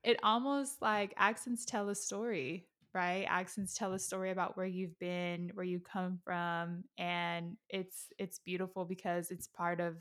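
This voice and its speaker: Podcast host: woman, fairly low voice, keen, code-switches into Spanish. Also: level tone, a little slow, few pauses, fairly bright tone, clean tone. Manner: enthusiastic, mixes Spanish words into English. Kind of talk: casual interview conversation.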